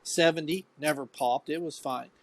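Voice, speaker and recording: A man's voice: fairly high pitch, moderate pace, no echo. A man from Ohio co-hosting a podcast, recalling old times bluntly and profanely, rambling as he goes. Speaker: podcast co-host. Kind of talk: casual chat.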